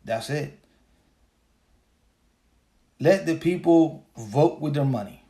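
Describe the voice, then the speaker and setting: Slow, profane man ranting on a podcast. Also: a little high, lively intonation, dark tone. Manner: profane, repetitive, laughs while talking. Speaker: podcast host. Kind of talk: casual livestream rant.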